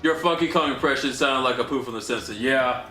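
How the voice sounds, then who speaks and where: A man's voice: medium pitch, fairly quick, bright, forceful tone. A young man hosting a livestream, casually recapping a story with rambling, incredulous asides to chat. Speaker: livestream host. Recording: echoey room with faint music.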